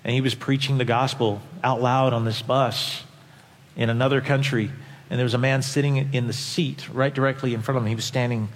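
A man preaching a sermon as a pastor, impassioned, swinging from quiet, low passages to loud, high peaks. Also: level tone, a little fast, slight background noise. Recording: long hall reverb.

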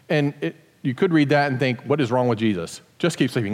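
A man's voice: medium pitch, a little fast. A man giving a casual sermon as pastor, explaining scripture with joking asides in a church sanctuary. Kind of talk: conversational sermon. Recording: long hall reverb.

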